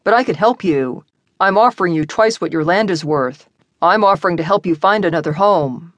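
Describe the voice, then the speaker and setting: A woman narrator voicing a self-assured male real estate tycoon who talks calmly and confidently. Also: lowish voice, normal speed, dry recording, highs cut off, natural voice. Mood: cool. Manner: calm, smooth and confident.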